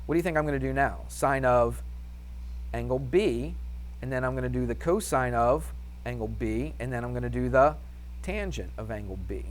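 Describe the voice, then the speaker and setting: A man's voice: medium pitch, moderate pace, slight background noise. Upbeat male math teacher quizzing his class. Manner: upbeat, asks class questions and answers them himself. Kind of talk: classroom lesson.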